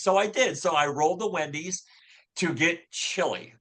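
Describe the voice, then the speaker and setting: Earnest, bright-voiced man in his fifties. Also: fairly high pitch, moderate pace. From Louisville, Kentucky. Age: 50s. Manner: earnest, faith-filled, with frequent filler words and repeated restarts. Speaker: podcast guest. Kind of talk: personal storytelling in a casual interview.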